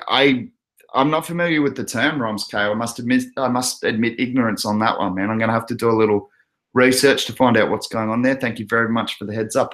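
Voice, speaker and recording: An Australian man chats casually on his crypto livestream, laughing often while going through viewer comments. His pitch is fairly low and his tone fairly bright.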